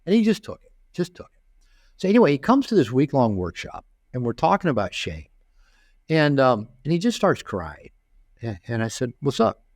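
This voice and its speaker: An older man, a therapist and author, telling stories in a relaxed interview and acting out the voices of the people in them, often repeating and restarting words. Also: mid-range voice, normal speed, no room sound, clean studio sound. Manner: animated storyteller acting out quoted voices, frequent repeats and restarts. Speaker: therapist and author, podcast guest. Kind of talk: conversational storytelling interview.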